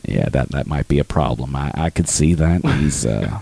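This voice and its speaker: A man impersonating a deep gravelly older film narrator. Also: mellow, full character voice. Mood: dry. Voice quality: very deep, gravelly, slow and measured. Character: older male famous film narrator, calm and dignified. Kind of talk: comic impression on talk radio. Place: radio studio.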